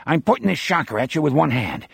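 A man's voice: on the high side, quick pace, vocal fry, slightly rough, dry recording, heavily acted. A man voicing a menacing old male killer who growls, gloats smugly and sounds out of breath. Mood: gloating threat. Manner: growling, smug, excitable.

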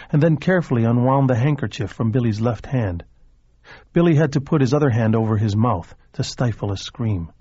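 A man narrating an audiobook in a steady, measured reading voice. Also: medium pitch, no echo, dull audio.

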